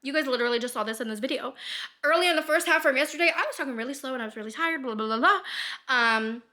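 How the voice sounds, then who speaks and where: A woman in her twenties talking candidly in a personal vlog, rambling with lots of fillers, casual swearing and speed that shifts between fast and slow. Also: sits high, expressive, sharp tone. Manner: rambling with many fillers and frequent laughs. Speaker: vlogger.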